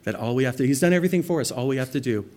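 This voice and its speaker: A man delivering a sermon as a pastor, swelling loud on scripture readings and dropping soft and low for intimate appeals. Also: expressive, rapid-fire.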